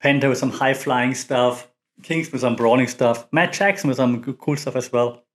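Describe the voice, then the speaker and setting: A man's voice: medium pitch, normal speed. Chatty man recapping wrestling. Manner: chatty, rambling with many fillers and restarts. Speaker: podcast host. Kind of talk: casual wrestling recap commentary.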